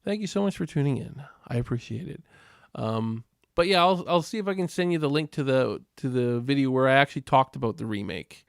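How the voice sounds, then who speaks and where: Gravelly-voiced Canadian man chatting live. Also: mid-range voice, expressive, a little fast, dry recording, clean studio sound. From Western Canada. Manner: rambling, chatty, laughs often. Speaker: livestream host. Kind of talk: casual live chat.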